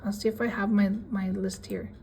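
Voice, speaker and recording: A woman giving a casual language lesson, reading out word lists with their English meanings in a relaxed, chatty way. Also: mid-range voice, brisk, a little hiss or hum, low-quality recording. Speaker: language teacher.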